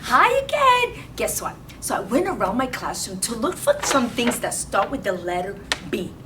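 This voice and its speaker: A woman teaching preschoolers in a classroom, talking in an animated, sing-song way and gasping with excitement. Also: mid-range voice, moderate pace, distant mic, music in the background. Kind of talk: children's lesson.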